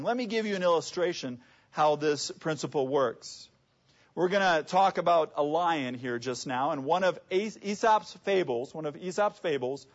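A man preaching a sermon in a conversational way, often asking the audience rhetorical questions, in a dull lo-fi recording. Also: high voice. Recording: dull lo-fi sound.

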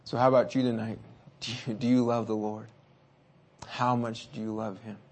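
A man preaching a sermon. He shifts between hushed and loud passages, urges his listeners on, and reads scripture slowly and deliberately. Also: medium pitch, flat delivery.

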